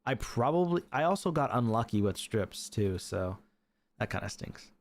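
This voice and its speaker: A man commentating his own live game stream, chatty and excitable, laughing often and talking to his viewers. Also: mid-range voice, normal speed.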